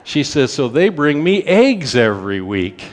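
A man, telling a testimony story in a sermon in a folksy way, rushing through some runs and slowing for emphasis. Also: fairly high pitch, sing-song.

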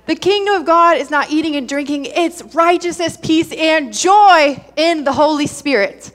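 Young female preacher, high voice, energetic, repeats lines for emphasis, urges the crowd to answer back. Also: normal speed, hardly any pauses. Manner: energetic, calls for audience response. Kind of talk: sermon.

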